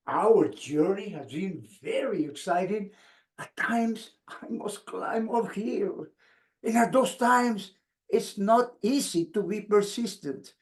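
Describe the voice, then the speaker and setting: A man, giving an expressive motivational speech with dramatic pauses. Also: high-pitched. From Mexico. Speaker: speaker. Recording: echoey room.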